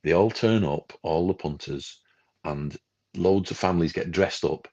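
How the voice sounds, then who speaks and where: A man's voice: low voice, measured pace, darkish tone. A man co-hosting a film club podcast, chatting casually and ranting animatedly, acting out the people he quotes. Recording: dull lo-fi livestream audio.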